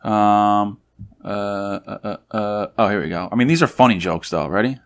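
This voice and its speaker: Man, podcast co-host, low voice, animated, swears, casual banter. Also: moderate pace, smooth. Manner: animated, swears freely, jumps into high silly voices. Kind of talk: casual chat.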